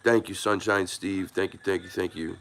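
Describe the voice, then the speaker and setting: A man with a low, gravelly voice hosts a live stream, chatting loosely with his audience. He rambles and restarts his sentences, earnest and a little emotional as he thanks people in the chat by name. His tone stays friendly and unpolished throughout. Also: steady tone, normal speed. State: emotional, moved by viewers. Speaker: YouTube live stream host. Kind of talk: casual live chat with viewers.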